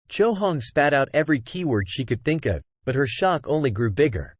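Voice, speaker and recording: Synthetic man narrating, lively pitch. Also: moderate pace, hardly any pauses, no echo. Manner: reads punctuation marks aloud. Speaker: audiobook narrator. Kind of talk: scripted narration.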